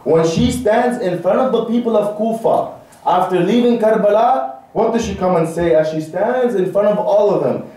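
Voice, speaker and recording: A man's voice: sits high, normal speed, dark tone. A man giving a sermon at a religious gathering, pressing his listeners with rhetorical questions. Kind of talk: Muharram majlis sermon. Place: large mosque hall. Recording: echoey hall, from far off.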